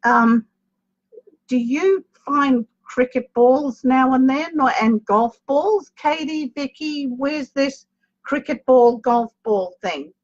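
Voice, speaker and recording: A woman's voice: sits high, slow. Chatty woman medium, lo-fi audio. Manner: chatty, calls viewers darling and babe; greets viewers by name mid-sentence. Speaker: psychic medium. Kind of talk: live online reading. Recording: lo-fi dull stream audio.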